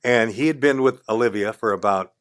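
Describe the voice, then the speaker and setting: A man's voice: mid-range voice, fairly quick, fairly bright tone. An older man, a radio talk show host, telling profane, chatty anecdotes as a guest in a podcast studio. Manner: blunt, profane, chatty raconteur. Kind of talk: casual anecdotal storytelling.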